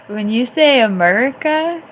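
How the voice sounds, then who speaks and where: Recorded roughly with a little hiss or hum, a woman with a mid-range voice hosts a live stream as a host and DJ. Chatty and prone to giggling, she reacts loudly to what viewers post in the chat and laughs a lot.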